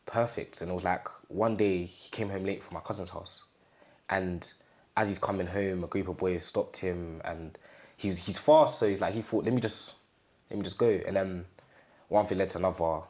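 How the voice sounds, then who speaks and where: A young man from England in an interview, telling his own story in a casual, halting way and often acting out what his family said. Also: sits low, fairly even intonation, darkish tone. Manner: halting, repeats phrases, acts out quoted family speech.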